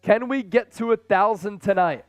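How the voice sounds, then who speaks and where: Male stream host, high pitched, energetic casual play-by-play, dry sound. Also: normal speed, no room sound, faint music behind. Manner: energetic, hyped fan banter. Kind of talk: excited live play-by-play commentary and chat shout-outs.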